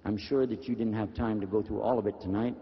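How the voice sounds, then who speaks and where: A man's voice: lowish voice, steady tone, fast talker. Emphatic male preacher in a hall. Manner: emphatic, rhetorical questions to listeners. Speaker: Islamic preacher. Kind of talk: sermon to an audience. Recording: dull lo-fi recording with long reverb in a hall.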